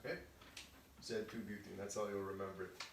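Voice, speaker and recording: A man's voice: sits low, fairly even intonation, brisk, creaky, background noise. A male chemistry teacher giving a casual recorded lesson. He explains step by step and often checks in with "okay?". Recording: echoey room, voice from a distance.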